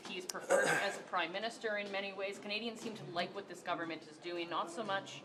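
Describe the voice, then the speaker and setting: Fast-talking female reporter. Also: mid-range voice, steady tone. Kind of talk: press scrum questions. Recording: noisy crowd around.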